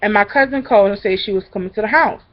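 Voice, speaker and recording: A young woman vlogger casually telling a story, acting out the people in it with lively voices. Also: mid-range voice, quick pace, lo-fi sound. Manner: animated, acts out the people in the story.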